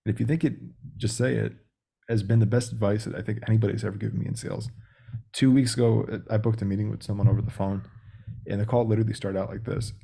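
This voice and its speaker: A man's voice: fairly low pitch, steady tone, quick pace, vocal fry, mellow, slightly rough. A man speaking as a guest on a podcast interview, blunt and direct in a casual way. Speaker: sales coach guest.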